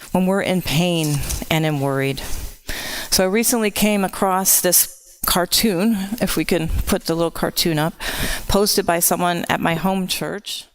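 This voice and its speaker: A woman from Texas giving a church sermon in an earnest, personal way, growing impassioned at times. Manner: earnest, grows impassioned with rising pitch. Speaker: lay preacher. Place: church sanctuary.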